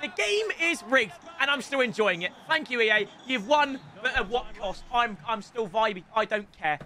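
A young man talks over a football video game in a high, lively voice that leaps around as he reacts. He is animated and swears freely, often yelling at the match. His tone is bright and sharp. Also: normal speed, few pauses, soft background music. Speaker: gaming YouTuber. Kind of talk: excitable gaming commentary.

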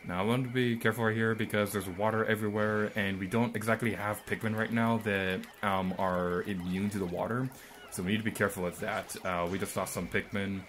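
A man's voice: lowish voice, steady tone, brisk, fairly bright tone, a little hiss or hum. A young man giving rambling, mildly sarcastic let's-play commentary, full of ums and asides. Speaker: gameplay commentator.

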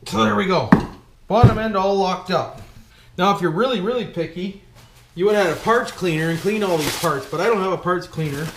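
A man's voice: sits high, fairly quick. A man giving casual, jokey commentary while he rebuilds an engine, talking to himself and calling his viewers "boys". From Canada. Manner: talks to himself while working. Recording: echoey room with background noise.

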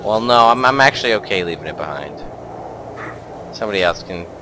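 A man hosting a casual online game session, excitable and giggly, chatting with friends over voice chat. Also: on the low side, a little fast, background noise. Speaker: let's play host.

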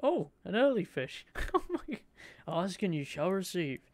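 A young man streaming a game, commentating excitedly and chatting to his viewers. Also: high voice, measured pace. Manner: excitable, chatty, talks to his chat, swears lightly. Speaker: gaming streamer.

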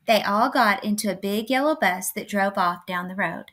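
A woman hosting a children's story time, reading a picture book aloud. Her narration is clear and expressive, at a medium pitch that sits in the middle for a woman. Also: moderate pace.

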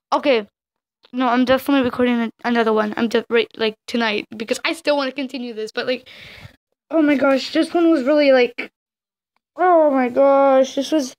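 A woman's voice: high voice, normal speed. A woman casually commenting while playing a story game, reading the choices aloud and exclaiming often. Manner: excitable, reads choices aloud, frequent exclamations. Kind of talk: casual let's-play commentary.

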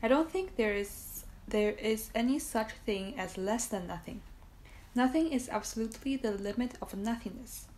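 A woman voicing a lonely young male pig in a storybook, talking in a plaintive, earnest way with a slightly lowered, softer voice. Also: moderate pace, natural voice. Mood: pleading, earnest.

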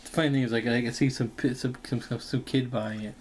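A man's voice: fairly even intonation, fast talker, darkish tone, a little hiss or hum. A man rambling casually through a product vlog, full of ums and likes, joking and breaking into short acted-out bits of imagined dialogue. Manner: jokey, acts out imagined dialogue in high squeaky voices; filler-heavy with frequent ums and likes. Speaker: vlogger reviewing a product.

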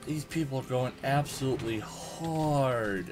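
A man's voice: mid-range voice, lively intonation, slow pace. A young man giving casual commentary on his own gameplay, exasperated, groaning and swearing as his team gets beaten. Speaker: gaming channel host. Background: game music and keyboard typing.

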